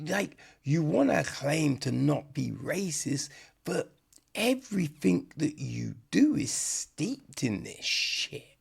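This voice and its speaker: Give me a gravelly man hosting a film review podcast, blunt and profane, with a lively rise and fall. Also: fairly high pitch. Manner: blunt and profane, acts out quoted lines. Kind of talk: casual spoken film review.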